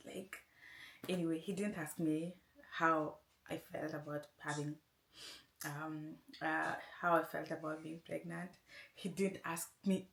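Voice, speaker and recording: A woman's voice: sits low, fairly even intonation, unhurried, gravelly, fairly bright tone. A woman vlogger casually telling a long personal story, rambling and often saying "anyway". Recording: roomy echo.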